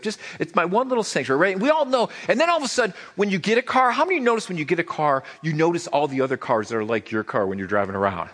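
A middle-aged male pastor preaching in a relaxed, joking way, with a slightly high voice that swings animatedly up and down. He often stumbles into sentences by repeating a word or two before finding his point. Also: rapid-fire, hardly any pauses. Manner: conversational, joking, repeats words when starting sentences. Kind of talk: sermon.

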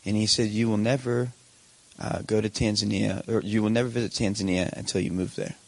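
A man's voice: lowish voice, steady tone, fairly quick, vocal fry. A young man speaking as a guest missionary preacher, earnest and chatty with a self-deprecating humor. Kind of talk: sermon.

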